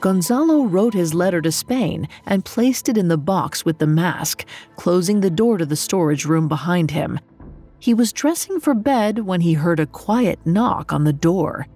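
Female storyteller, measured and dramatic; low, husky, with faint music under. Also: lively intonation, warm tone. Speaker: podcast narrator. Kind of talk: scripted storytelling narration.

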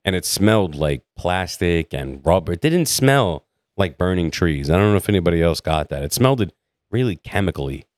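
A man's voice: low voice, animated, moderate pace, dry recording. A man co-hosting a casual podcast chat, making blunt, dry remarks. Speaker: podcast co-host.

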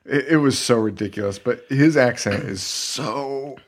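Excitable man recapping a horror film. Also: mid-range voice, a little slow. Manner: excitable, swearing, retells scenes with quoted voices. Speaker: podcast co-host. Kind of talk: casual movie review chat.

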